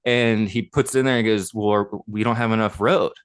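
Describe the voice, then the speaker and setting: Casual co-host, man in his thirties, low smooth voice, excited rambling storyteller, many fillers. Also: moderate pace. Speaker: podcast co-host. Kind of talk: casual chat.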